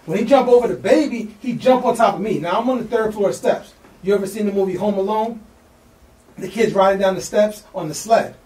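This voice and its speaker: A man, telling a wild story as a podcast guest, slangy and excited, acting out the people in it. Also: high voice, brisk, echoey room, distant mic. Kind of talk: animated storytelling.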